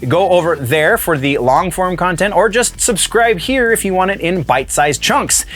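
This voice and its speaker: Lively casual male news host. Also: high voice, moderate pace. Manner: chatty and loose, with frequent fillers and self-corrections. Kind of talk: casual solo news commentary.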